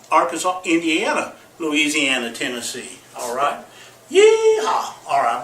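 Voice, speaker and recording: A comedic male vlogger gives a folksy, funny explainer, hollering yeehaw, making goofy sound effects, and saying okay after each point like a teacher. His voice is somewhat high, bright and forceful, recorded in an echoey room far from the mic.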